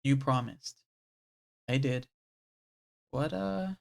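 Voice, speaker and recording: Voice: normal speed, pauses often. Live streamer reading game dialogue aloud. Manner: animated, swings between loud bursts and low murmured reading.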